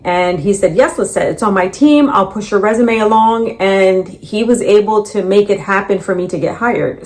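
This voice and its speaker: Middle-aged woman recounting a layoff. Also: mid-range voice. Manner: animated, quotes others in dialogue. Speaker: laid-off employee telling her story. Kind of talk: storytelling in a reacted clip.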